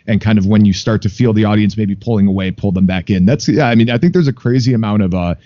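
A man's voice: fairly low pitch, fast talker, mellow, no echo. A man interviewing a guest and asking loose, rambling questions full of fillers. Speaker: podcast interviewer. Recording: dry, dull lo-fi sound.

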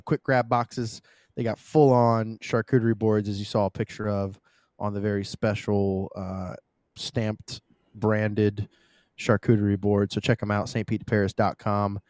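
A man's voice: on the low side, a little slow, smooth, no echo, clean studio sound. A man co-hosting a podcast, talking casually and swearing a lot as he jokes and reads sponsor plugs. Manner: profane, joking, animated. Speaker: podcast co-host.

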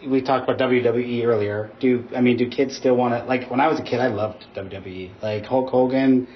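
A man's voice: medium pitch, fairly even intonation, fairly quick. A male podcast co-host who chats loosely, saying "like" often and laughing easily. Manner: chatty, lots of "like", laughs easily. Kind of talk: casual podcast conversation. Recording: muffled with faint noise.

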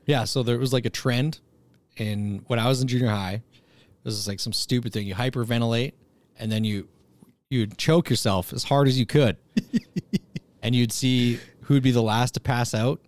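A young man in casual chat, relaxed and swearing freely, laughing often as he tells a story. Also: medium pitch, normal speed, no room sound.

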